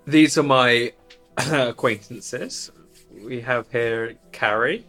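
A worn but dignified adventurer, voiced by a man who picks formal words and speaks very slowly. Soft music sits faintly behind. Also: medium pitch. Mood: wry. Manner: slow, stiff, formal phrasing. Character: formal, weary adventurer Gigi.

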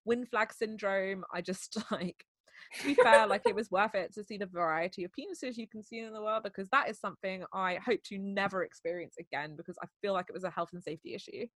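A young woman tells a story on a podcast in a loose, giggly way. She uses lots of fillers and acts out the other people's lines. Her voice sits at a medium pitch and sounds dry and close to the mic. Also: fairly bright tone, dry recording. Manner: giggly, fast, filler-heavy retelling with quoted dialogue. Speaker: podcast host telling a story. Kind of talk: casual storytelling chat.

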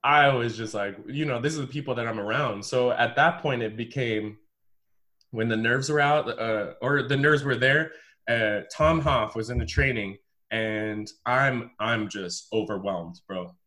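A man from the United States, a former pro volleyball player, telling his story as a podcast guest in an emphatic, animated, casual way. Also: mid-range voice, unhurried. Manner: emphatic and animated, repeats words, says "bro".

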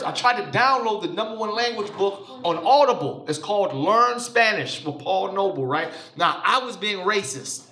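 High, lively stand-up comic in a club. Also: male voice, moderate pace, hardly any pauses. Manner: loose, profane, playful crowd work. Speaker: stand-up comedian. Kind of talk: stand-up comedy set. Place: comedy club stage. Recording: roomy live club sound.

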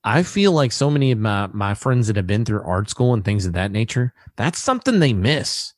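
A man hosting a relaxed interview, chatting casually and acting out stories with quoted voices. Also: on the low side, normal speed, no echo, clean studio sound. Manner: animated storyteller, acts out quoted voices. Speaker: podcast host.

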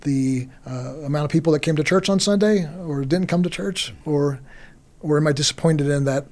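A man, a pastor, talking reflectively on a podcast in an earnest, halting way with many restarts. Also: on the high side, a little mellow.

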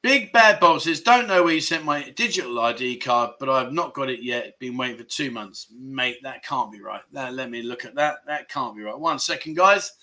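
A man's voice: medium pitch, moderate pace, hardly any pauses, bright, forceful tone. A man, hosting a casual livestream chat show and rambling as he reads out viewer comments. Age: 50s. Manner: chatty and rambling, with lots of fillers and self-corrections. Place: livestream set in Pattaya.

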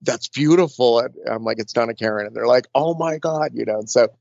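A man's voice: mid-range voice, a little fast, creaky, darkish tone, dry recording. Chatty rambling man, dull dry sound. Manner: chatty, rambling, full of fillers and restarts. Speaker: makeup artist guest. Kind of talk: casual storytelling interview.

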